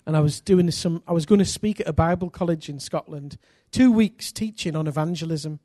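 This sermon comes from a middle-aged English preacher whose voice is on the high side and brisk. He fills it with personal anecdotes, stays energetic and self-mocking, and sometimes erupts into loud emphasis. The audio is studio quality with no room sound.

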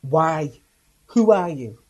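A man's voice: mid-range voice, steady tone, a little slow, darkish tone, breathy edge. A man voicing a cruel, contemptuous male Nazi camp commander who barks his orders. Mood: scornful.

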